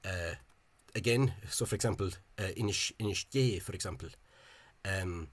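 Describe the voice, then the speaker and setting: Guy, real low husky voice, rambling on about spelling, lots of ums and stumbles, pretty opinionated. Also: no room sound. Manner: halting, many fillers and repeated words; opinionated, dismissive of official spelling. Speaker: language enthusiast explaining spelling. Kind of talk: casual explanatory monologue.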